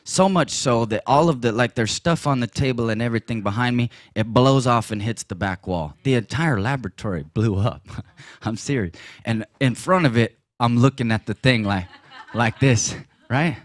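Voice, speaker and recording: A man shares his testimony at a church service in a lively storytelling way. He laughs often and breaks into loud exclamations. His voice has a middle pitch and sounds close and dry. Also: normal speed, no echo. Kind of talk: personal testimony in a sermon. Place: church gathering.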